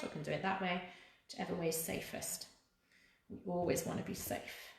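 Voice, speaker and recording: A woman's voice: mid-range voice, a bit bright, very echoey. A woman leading a live cooking demonstration for children, chatty and encouraging as she talks to viewers while she works. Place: kitchen.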